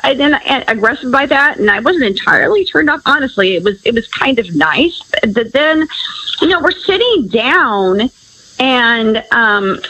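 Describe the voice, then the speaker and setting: A woman's voice: fairly high pitch, sing-song, unhurried, bright, forceful tone, breathy edge, poor audio. A woman calling in to a radio show, talking in a rambling, hesitant, giggly way. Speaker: caller. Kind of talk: casual phone conversation.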